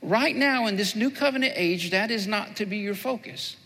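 High, bright-voiced man preaching in a reverberant hall. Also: normal speed. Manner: repeats phrases for emphasis, rising to a fervent preaching pitch. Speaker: pastor. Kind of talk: sermon.

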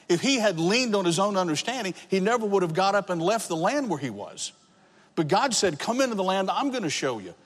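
High-voiced preacher in a reverberant hall. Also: male voice. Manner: emotional testimony, rising to shouts. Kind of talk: sermon.

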